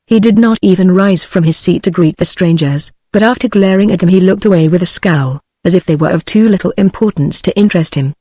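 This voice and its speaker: A woman's voice: lowish voice, warm tone, no echo, studio quality. Synthetic British woman narrating a storybook. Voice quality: smooth synthetic reading voice. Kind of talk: text-to-speech audiobook narration.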